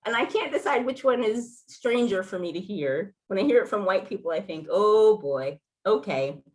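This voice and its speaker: Featured speaker, woman, 40s, from Los Angeles, chatty storytelling delivery, mid-pitched voice. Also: moderate pace. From Los Angeles, California. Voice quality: sounds like a Valley girl. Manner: conversational, animated storytelling with laughs and acted quotes. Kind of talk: personal storytelling talk.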